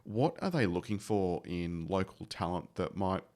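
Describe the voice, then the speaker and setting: Aussie host guy, really deep voice, easygoing chat with his guest. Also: animated, normal speed, a little mellow. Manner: chatty, agreeable interviewer. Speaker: podcast host. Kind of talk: podcast interview.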